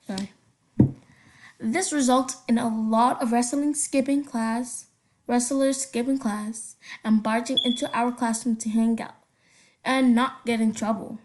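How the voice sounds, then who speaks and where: A woman's voice: a little high, fairly even intonation, a little mellow. A young woman casually reading funny stories aloud, stumbling over words and breaking off with giggly asides. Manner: halting read-aloud with slips and giggly asides.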